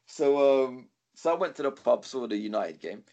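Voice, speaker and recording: Chatty male co-host; animated, sweary storyteller with a lively pitch. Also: normal speed, highs cut off. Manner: rambling, swears freely, animated quoting. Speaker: podcast co-host. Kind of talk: casual storytelling chat.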